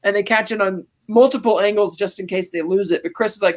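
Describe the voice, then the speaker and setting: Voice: medium pitch, quick pace. Chatty podcast host retelling a movie scene. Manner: animated storytelling, quoting scenes in passing. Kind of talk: casual movie recap chat.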